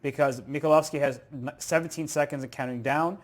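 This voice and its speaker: A man commentating live chess, excitable and thinking aloud through move sequences. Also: fairly high pitch, fairly quick.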